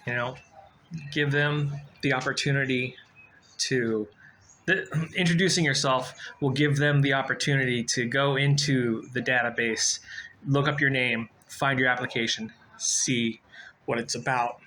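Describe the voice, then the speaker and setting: A man in his forties talking casually to camera, giving job-hunting advice in a rambling, low-key way with frequent fillers and restarts. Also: steady tone, measured pace, pushed and bright, a little hiss or hum, low-quality recording. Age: 40s.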